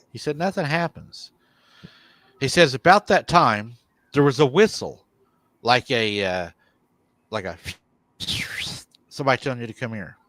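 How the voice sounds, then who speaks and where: A man's voice: mid-range voice, lively intonation, measured pace, pauses often, a bit bright, dry recording. A man hosting a live show, retelling a viewer's encounter and quoting him at length. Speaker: host.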